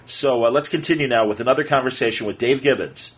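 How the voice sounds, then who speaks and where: A man hosting a podcast, telling a story casually and acting out quotes with excitement. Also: medium pitch, fast talker, slightly rough. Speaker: podcast host.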